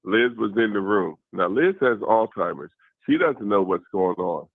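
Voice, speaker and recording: A man's voice: lowish voice, animated, moderate pace, vocal fry, no echo. A male caller phoning in to a talk show, speaking earnestly with stammering restarts as he complains. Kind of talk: phone-in call. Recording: tinny dry phone line.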